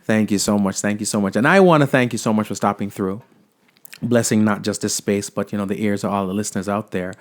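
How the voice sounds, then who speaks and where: A man from Jamaica hosting a podcast, in a relaxed, friendly casual interview chat. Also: fairly low pitch, quick pace. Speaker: podcast host.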